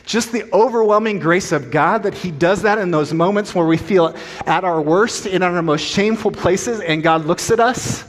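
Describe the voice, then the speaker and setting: A middle-aged man preaching a sermon as a pastor, an animated, self-deprecating storyteller, in a church sanctuary. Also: sits high, normal speed, slight background noise. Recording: long church hall reverb.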